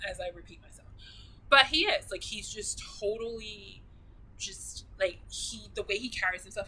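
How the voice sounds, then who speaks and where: A woman's voice: mid-range voice, bright, forceful tone, breathy edge, rough recording. Gushing, rambling woman vlogger. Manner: gushing, rambling, with frequent restarts. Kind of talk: casual chat.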